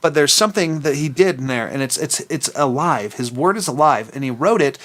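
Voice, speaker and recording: A fairly high-voiced man speaks as a student ministry pastor in an online youth meeting. He talks with lively energy, slips in jokes and often restarts his sentences. His delivery stays casual and friendly. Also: fairly quick. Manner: joking, energetic, frequent restarts.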